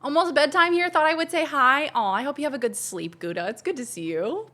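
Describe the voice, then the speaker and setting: A woman's voice: high voice, lively intonation, fairly quick, sharp tone. A woman streamer chatting casually and bubbly with her live chat from home while planning her week. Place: home, kitchen.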